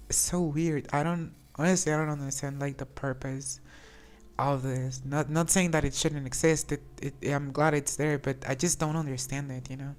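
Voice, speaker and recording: A woman talks casually while playing a game, low in pitch. She is chatty and hesitant, often restarting her sentences. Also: steady tone, normal speed, darkish tone. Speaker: streamer. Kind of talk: casual gameplay commentary.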